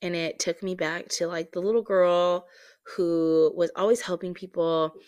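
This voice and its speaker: Woman host, lowish voice, dry close mic, candid personal story with lots of um and like. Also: measured pace, dry recording. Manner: candid, animated, many fillers. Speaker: podcast host.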